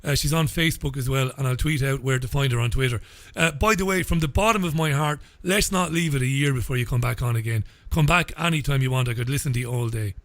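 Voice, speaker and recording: A man's voice: medium pitch, fast, fairly bright tone, dry recording. A man with an Irish accent hosting a live radio interview, talking effusively and often repeating words as he starts sentences. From England. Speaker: radio show host.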